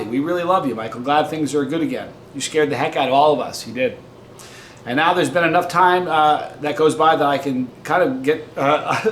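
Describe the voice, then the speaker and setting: Chatty man in an echoey room. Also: a little high. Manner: joking, chatty storyteller. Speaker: vlog host. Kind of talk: casual talk to camera. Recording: roomy echo with faint noise.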